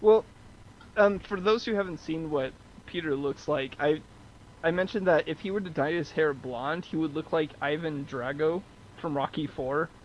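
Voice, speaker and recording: A man's voice: on the high side, normal speed, dull audio, a little hiss or hum. A man from the United States in a casual podcast chat, teasing and self-deprecating. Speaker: podcast co-host.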